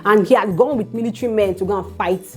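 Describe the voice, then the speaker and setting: A woman with a Nigerian accent telling a Bible story in a chatty, animated vlog style, often checking in with the viewer. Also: medium pitch, fast. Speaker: YouTube storyteller.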